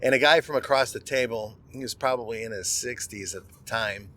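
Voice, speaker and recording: A man's voice: mid-range voice, a little fast, pushed and bright. A middle-aged man, a podcast host, telling a personal story in a candid, conversational monologue and often restarting words.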